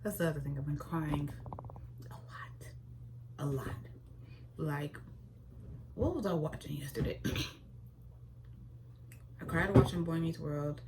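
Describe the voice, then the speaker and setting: Young female vlogger, low pitch, chatty and expressive, slight hiss. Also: takes it slowly, long pauses. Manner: chatty and expressive, with sudden high-pitched exclamations. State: pregnant. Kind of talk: casual chat to camera.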